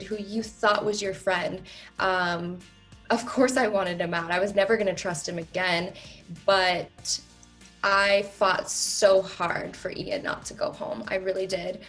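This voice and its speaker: A woman in her thirties speaks candidly in an interview, her voice sitting at an ordinary middle pitch. She leans hard on key words and fills her pauses with "um," and she is close to tears at times. Faint music plays softly underneath. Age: 30s. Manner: candid, emphatic, many "um" fillers. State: emotional, near tears. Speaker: reality show contestant. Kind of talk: interview answers.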